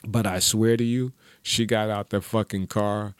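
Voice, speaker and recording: A man with a low voice tells casual stories on his podcast, laughing often and swearing freely. The room around him sounds dry and close. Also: a little slow, smooth, no echo. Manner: profane, laughing, animated storyteller. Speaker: podcast host. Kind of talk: casual solo storytelling.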